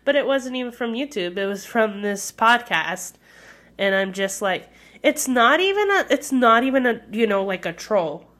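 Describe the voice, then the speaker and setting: A woman's voice: on the high side, expressive, moderate pace, a bit bright. A young woman hosting her own podcast in casual solo talk, hesitant and candid, with many fillers. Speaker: podcast host.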